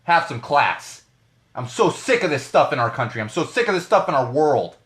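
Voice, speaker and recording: Alone on his podcast live stream, the host vents angrily about the news with plenty of profanity, saying phrases again for emphasis, all from a small home studio. He has a fairly high, slightly bright voice that swings widely in pitch at a normal speed.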